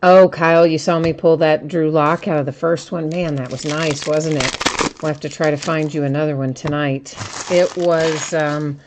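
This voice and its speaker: A woman's voice: sits low, steady tone, moderate pace, noisy background. A woman hosting a live card-opening stream, chatting with viewers by name and patiently explaining how the rules work. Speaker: card break host. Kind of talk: casual live-stream chat. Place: indoors at a table.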